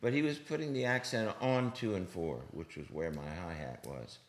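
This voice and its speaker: Older male drummer, panel guest; low, chatty, animated, mouths beats and hisses out percussion. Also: normal speed. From United States. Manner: animated, sings rhythms aloud, hisses percussion sounds. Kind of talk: anecdotal storytelling on a panel. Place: stage panel before an audience.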